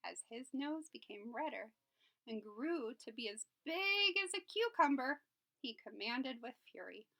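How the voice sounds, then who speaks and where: A woman's voice: on the high side, a little slow, vocal fry, rough recording. A woman, a Sunday school teacher, reading a picture book aloud to children and asking them questions along the way. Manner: animated, asks the children questions.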